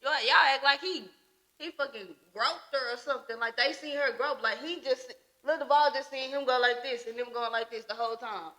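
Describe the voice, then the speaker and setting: A woman's voice: high-pitched, brisk, pushed and bright. A young woman co-hosting a casual podcast, emphatic and profane, arguing her point. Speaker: podcast co-host. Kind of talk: casual chat.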